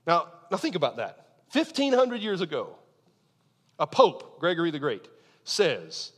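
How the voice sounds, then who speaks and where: A man preaching a sermon as pastor, earnest, leaning into key phrases and slowing down for emphasis. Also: fairly high pitch, huge pitch swings, husky. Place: church sanctuary. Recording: long reverb of a large hall.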